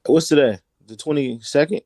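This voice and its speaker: A man's voice: a little high, moderate pace, darkish tone, no echo, clean studio sound. A man calling in to a sports talk show, giving emphatic opinions and often repeating words as he builds a point. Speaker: call-in guest on a sports podcast.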